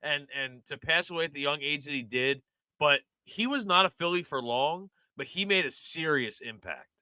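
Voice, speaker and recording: A man's voice: on the high side, normal speed, sharp tone, smooth, no room sound. A man co-hosting a sports podcast, talking in a passionate, rambling casual way with lots of "like". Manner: passionate, rambling, heavy use of "like". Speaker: podcast co-host.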